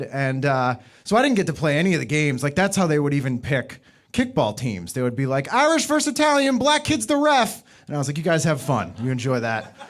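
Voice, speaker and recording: Young comic from the Boston area, deadpan-ironic, lively pitch. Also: male voice. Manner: dry, ironic delivery with mocking high voices for quoted people. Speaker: stand-up comedian. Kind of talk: stand-up routine.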